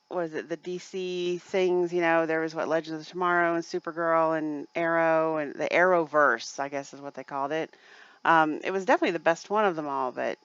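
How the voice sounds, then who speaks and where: A woman's voice: low voice, fairly bright tone, smooth, dry recording, lo-fi sound. A woman chatting casually on a livestream, rambling with lots of fillers. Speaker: livestream co-host.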